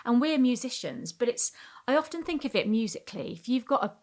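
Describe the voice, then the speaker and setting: A middle-aged woman, a communication coach talking expressively in a podcast interview, shifting her pitch and pace for emphasis. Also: big pitch swings, fairly quick.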